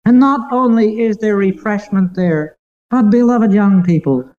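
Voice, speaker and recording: Earnest preacher giving a sermon, middle pitch, slow emphatic bits, kinda muffled recording. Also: a little mellow.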